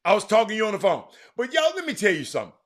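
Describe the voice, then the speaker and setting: A middle-aged man hosting a sports talk show, chatting casually and teasing viewers in the comments with loud, animated outbursts. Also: high-pitched, very fast. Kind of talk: casual live-stream chat reading the comments.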